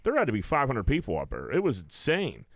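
A man's voice: mid-range voice, huge pitch swings, fast, no room sound, clean studio sound. A young man hosting a casual chat, rambling through his stories with plenty of swearing and filler words.

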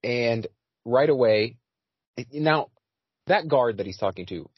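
Male podcast host, lively pitch, filler-heavy casual talk, dry lo-fi sound. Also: slow, husky, no room sound. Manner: animated, with frequent fillers and restarts. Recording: dry, slightly dull audio.

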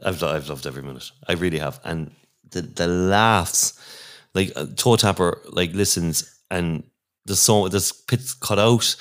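A man's voice: sits low, unhurried, few pauses, fairly bright tone. An Irish man signing off as a podcast host, rambling and sentimental in casual chat over a remote call.

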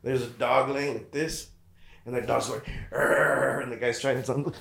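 A man with a gravelly, creaky voice tells a long, profane joke in a loose, casual way. He's a little drunk and rambles along. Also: mid-range voice, little pitch movement, moderate pace. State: tipsy. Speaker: podcast guest.

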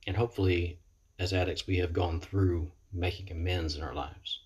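A man's voice: low-pitched, steady tone, moderate pace, slightly rough. A man in recovery giving an earnest, reflective motivational talk into a computer webcam, often stopping to repeat his words. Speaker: person in recovery sharing experience. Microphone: computer webcam mic.

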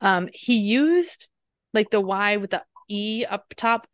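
A woman's voice: mid-range voice, lively intonation, takes it slowly, dry recording, studio quality. A woman co-hosting a podcast, chatty and giggly, rambling through tangents in casual talk. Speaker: podcast co-host.

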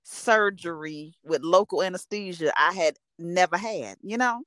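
A woman's voice: on the low side, unhurried, fairly bright tone, dry recording. A woman, chatting casually and telling a story with emphasis. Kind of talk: casual chat.

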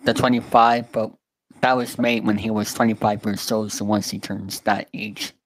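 A man's voice: lowish voice, flat delivery, normal speed, no echo, rough recording. A man on a podcast panel, chatting in a teasing, offhand way. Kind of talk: casual chat.

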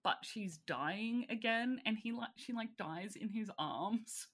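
A woman casually recapping a film plot in lively storytelling, with fillers and the odd swear. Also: a little high, slow pace. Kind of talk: casual chat.

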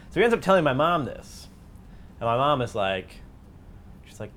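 A man's voice: mid-range voice, fast, pauses often. Guy cohost telling a funny story, voice bounces up and down a lot, faint room hiss. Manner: lively, joking storyteller. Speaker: podcast co-host. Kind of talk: casual storytelling.

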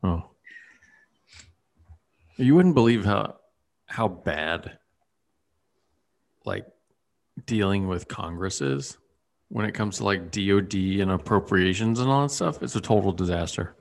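Man, low voice, casual chat, rambling, many fillers. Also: animated, a little slow, gravelly, pauses often. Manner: rambling, lots of fillers and restarts.

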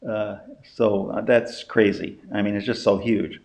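An older man teaching a casual spoken lesson in a folksy, rambling way, pausing often and asking rhetorical questions. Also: fairly low pitch, flat delivery, a little mellow. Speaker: teacher of a lesson on big data.

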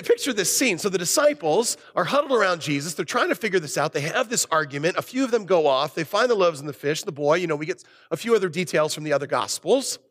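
In a large hall, a man delivers a sermon as pastor. He's animated, alternating forceful, loud emphasis with quiet, low asides.

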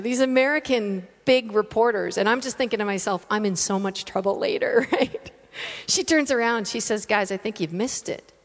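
A woman tells a story from the pulpit in a fairly high voice, laughing at her own jokes as she goes. The sermon has an animated, self-deprecating tone. Her voice rings out with the long reverb of a large hall. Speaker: preacher.

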